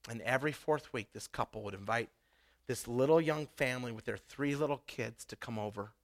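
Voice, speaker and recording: A middle-aged man from Idaho preaching a sermon, telling personal stories and building to loud, emphatic bursts. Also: mid-range voice, brisk. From Idaho, USA. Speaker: pastor.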